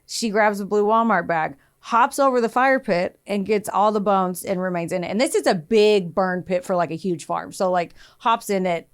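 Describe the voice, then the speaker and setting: A woman's voice: medium pitch, normal speed, hardly any pauses, smooth. A young adult woman co-hosting a podcast, telling a true crime story in casual chat, acting out quotes in raised voices and swearing freely.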